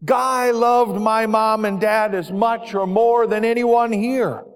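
A preacher voicing a kind older farmer who speaks earnestly and gently, in a reverberant hall. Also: male voice, sits high, steady tone, slow pace, smooth, pitched above the performer's own voice. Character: kind older male farmer, warm and forgiving.

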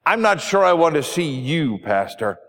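A man's voice: fairly high pitch, very animated, normal speed, fairly bright tone. A man voicing a frail, dying older woman who complains sharply and bitterly, with a long hall reverb. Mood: upset, bitter.

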